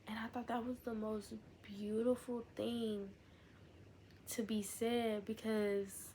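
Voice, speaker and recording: A woman's voice: on the high side, little pitch movement, takes it slowly, mellow, a little hiss or hum. Chatty young woman rambling candidly. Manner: rambling, candid and talkative, with fillers and asides. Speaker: vlogger. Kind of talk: casual chat.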